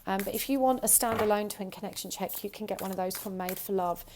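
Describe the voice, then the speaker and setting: A woman with a sore throat and an odd high-pitched twang, giving a pick-a-card tarot reading and often saying what she feels. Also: quick pace, background noise. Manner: intuitive, repeats "I feel like". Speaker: tarot reader.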